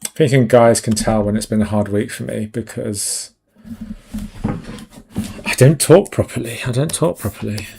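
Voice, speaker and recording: A concept artist on a live stream chats casually as he draws, rambling, running himself down, and letting his thoughts trail off. His voice sits on the low side with fairly even intonation, a fairly quick pace, and vocal fry. Background noise can be heard.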